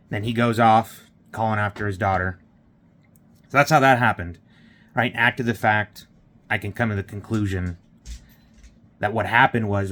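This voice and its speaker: A man with a lowish, fairly bright voice vlogs casually, retelling a morning story. He rambles, using lots of fillers and quoted dialogue.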